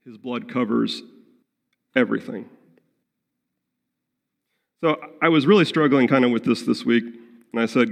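Male pastor, mid-pitched and gravelly, earnest sermon delivery, long church-hall reverb. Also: unhurried, long pauses. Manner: earnest, acts out prayers and quotes in his own voice.

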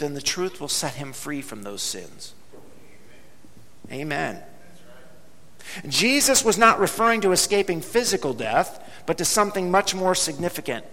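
A man preaching a sermon as pastor, speaking emphatically and slowing down to drop low on key words. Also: a bit bright. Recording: long hall reverb.

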